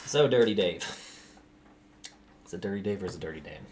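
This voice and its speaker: Raspy man hosting a casual Q&A. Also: low voice, lively intonation, brisk, darkish tone, slight background noise. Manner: conversational, loose, reads out viewer questions. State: raspy, out of breath after gym. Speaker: channel host answering viewer questions. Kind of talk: casual Q&A monologue.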